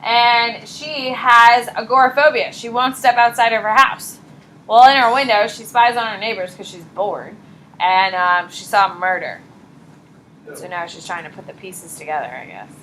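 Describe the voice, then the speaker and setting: Young woman teacher, bright and forceful voice, fairly high, chatty classroom lecture with a faint hum of room noise. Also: moderate pace, poor audio. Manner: chatty, animated, frequent "like" and "uh".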